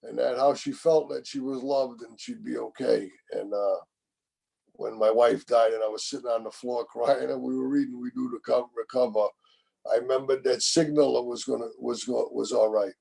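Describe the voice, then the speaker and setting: Speaking at a moderate pace in a mid-range voice with fairly even intonation, a man in his sixties gives his personal recovery share as main speaker over a video call. His tone is mellow and husky, with vocal fry. He rambles frankly, curses often and keeps coming back to "you know what I mean."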